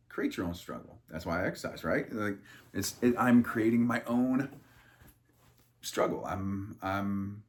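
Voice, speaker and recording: A man reading a Bible passage aloud and breaking off into irreverent, crude joking asides, with a loose, rambling delivery full of fillers and restarts. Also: sits low. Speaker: Bible study leader. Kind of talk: casual Bible reading with commentary.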